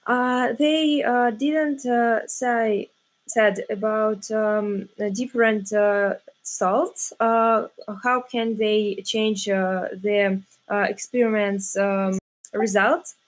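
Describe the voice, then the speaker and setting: A woman's voice: medium pitch, steady tone, slow. A teenage girl giving a hesitant, formal critique as a tournament opponent over a video call, with many filler sounds. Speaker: opponent in a student science tournament.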